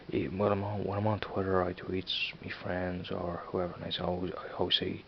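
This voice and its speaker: A man's voice: sits low, monotone, fairly quick, vocal fry, hardly any pauses, lo-fi sound, a little hiss or hum. A young man with a Dublin accent chatting casually in a vlog, rambling and repeating himself, often tagging on "you know what I mean". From Ireland. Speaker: vlogger.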